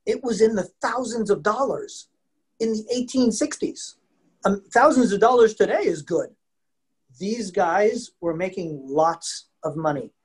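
Via video call, a museum presenter with a husky voice that sits high talks at a measured pace. He runs a lively, chatty history lesson for kids and families, often laughing and quizzing the audience.

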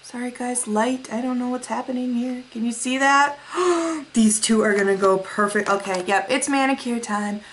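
A woman's voice: fairly high pitch, normal speed. A young woman vlogger unboxing mail, gushing with gasps and breathless exclamations as she shows each item. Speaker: beauty vlogger.

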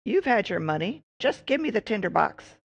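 A narrator voicing a greedy old witch with a shrill, snappish manner in an audiobook fairy tale. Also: sing-song, moderate pace, vocal fry, slightly rough, highs cut off, exaggerated voice.

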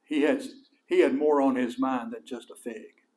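A middle-aged pastor speaks at a moderate pace as he preaches a sermon in a West Texas accent. He sounds folksy and animated, and his voice goes high for emphasis.

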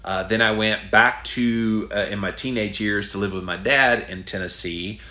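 A man's voice: on the low side, steady tone, moderate pace, sharp tone, echoey room, slight background noise. A middle-aged man with a Southern US accent, hosting a podcast and answering listener questions in a candid, folksy way full of fillers. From Southern United States. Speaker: podcast host.

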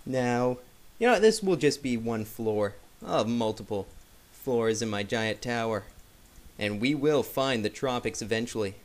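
A man's voice: medium pitch, unhurried. A man casually commenting on his game as he plays, joking with viewers and yelping when startled. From Canada. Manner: excitable, jokey, yelps at sudden scares. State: sick. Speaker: gameplay commentator.

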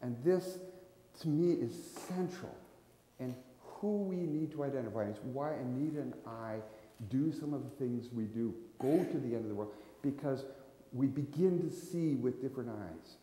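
A man's voice: medium pitch, normal speed, mellow, slight background noise. A man preaching a sermon as a visiting missionary, telling stories in a conversational way with frequent restarts. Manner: conversational storytelling with restarts, voicing characters. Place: church sanctuary. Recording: echoey church hall.

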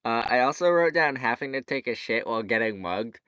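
A man's voice: medium pitch, expressive, brisk, fairly bright tone, smooth, no room sound. A man co-hosting a comedy podcast, rambling and jokey with lots of fillers and restarts. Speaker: podcast co-host. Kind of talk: casual chat.

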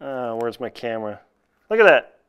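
A man's voice: mid-range voice, very animated, moderate pace, fairly bright tone, clean tone. A man chatting casually in an unboxing vlog from home, joking and laughing at himself as he reviews gear. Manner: chatty, self-mocking, jokes and laughs at himself.

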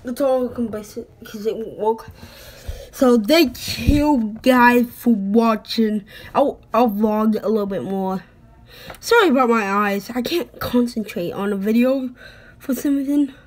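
A woman's voice: a little high, measured pace. A woman with a slight British accent, talking casually to the camera in her bedroom, rambling and apologizing often. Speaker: vlogger. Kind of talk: casual home vlog. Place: bedroom at home. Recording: noisy home recording.

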